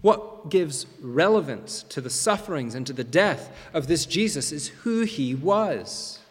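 A man preaching a sermon as pastor, emphatic, with dramatic pauses and swings between loud and soft. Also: on the high side, lively intonation, breathy edge. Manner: emphatic, rising and falling delivery with dramatic pauses. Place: church sanctuary. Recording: long reverb of a large hall.

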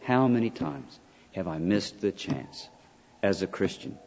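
A man lecturing as a college professor, emphatic and often checking in with his listeners with a quick "right?". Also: low-pitched, lively intonation, a little mellow, breathy edge. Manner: emphatic, peppered with "right?" asides. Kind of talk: classroom lecture. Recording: dull lo-fi sound with long hall reverb.

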